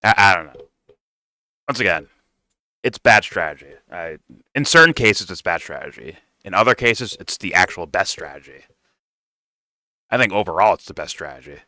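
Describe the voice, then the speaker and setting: A man's voice: low voice, lively intonation, normal speed, long pauses, bright, forceful tone, no room sound, clean studio sound. Blunt, profane man reacting to a clip. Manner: blunt, profane, rambling with restarts. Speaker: reaction streamer. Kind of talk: casual profane reaction commentary.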